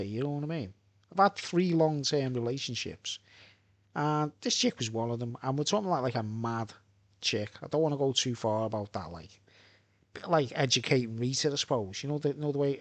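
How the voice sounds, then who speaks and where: A vlogger from Birkenhead, England, with a Merseyside accent, rambles through a live monologue full of asides and "right?" tag questions. His voice is medium-pitched, with no room sound.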